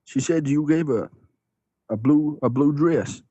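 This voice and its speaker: A man playing a simple-minded young man in his thirties who calls in claiming to be a long-lost son, talking slowly and plaintively. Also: on the high side, mellow, slightly rough, no echo. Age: 30s. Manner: slow, childlike, plaintive. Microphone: video call. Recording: muffled lo-fi call audio.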